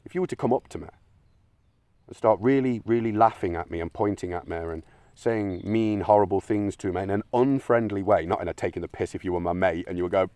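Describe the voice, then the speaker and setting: A man's voice: deep voice, brisk, mellow, no room sound. A man giving a blunt, argumentative monologue, swearing often. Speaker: channel host. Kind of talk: opinionated monologue.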